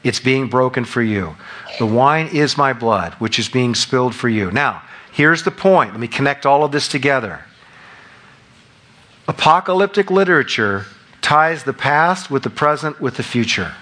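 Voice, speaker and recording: A man preaching a sermon as pastor, emphatic and rising in pitch and volume on key lines. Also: lively intonation, moderate pace, sharp tone.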